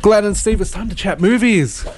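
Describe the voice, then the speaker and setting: A man's voice: high voice, normal speed. A man hosting a community radio show, chatty and agreeable, laughing often. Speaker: radio co-host. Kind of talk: casual radio chat. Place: radio studio.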